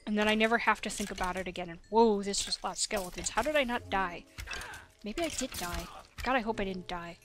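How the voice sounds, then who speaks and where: A woman's voice: mid-range voice, fast talker, fairly bright tone, soft background music. A woman in her late twenties with a young-sounding voice, doing hyper, nonstop voice-over commentary on her gameplay, a little sniffly. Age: 20s. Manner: hyper, chatty, talks nonstop. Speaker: let's play host.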